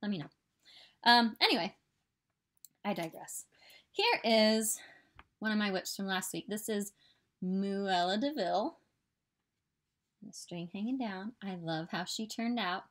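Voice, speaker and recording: A woman's voice: medium pitch, a little slow, long pauses, fairly bright tone. A woman in her thirties from southern Illinois with a Midwestern American accent, chatting in a casual, upbeat way about her stitching, with rambling asides. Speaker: stitching vlogger. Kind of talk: casual chat. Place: home.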